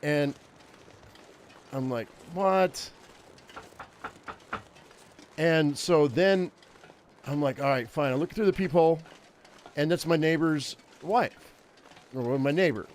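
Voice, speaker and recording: A man's voice: a little high, slow pace, long pauses, slight background noise. A man in his fifties, a game streamer telling a rambling personal story in casual chat. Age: 50s. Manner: rambling, chatty anecdote-teller.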